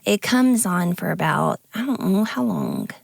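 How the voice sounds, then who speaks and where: A woman co-hosting a podcast, speaking earnestly and tearfully in a halting, confessional way. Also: lowish voice, sing-song, vocal fry, no room sound, clean studio sound. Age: adult with grown kids. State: tearful, near crying. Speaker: podcast co-host. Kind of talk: candid conversational podcast talk.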